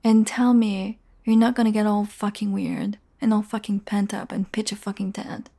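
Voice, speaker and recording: A woman's voice: mid-range voice, animated, moderate pace, dark tone. A young woman in a casual audio role-play, talking straight to the listener, teasing and swearing freely and often dropping into a whisper.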